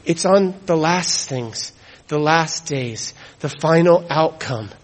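A man preaching a sermon, emphatic, repeating key phrases and dropping to hushed tones for weight. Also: fairly high pitch, expressive, slow, poor audio.

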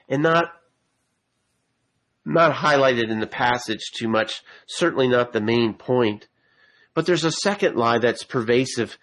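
A man's voice: mid-range voice, a bit bright, low-quality recording. Male preacher, earnest sermon delivery that climbs into emphatic appeals. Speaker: pastor.

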